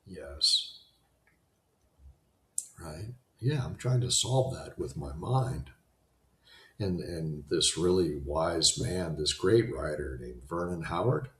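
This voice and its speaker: A man's voice: low voice, lively intonation, takes it slowly, long pauses, echoey room. A man giving an unscripted motivational talk, rambling and conversational, often restarting his sentences. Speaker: self-help talk host.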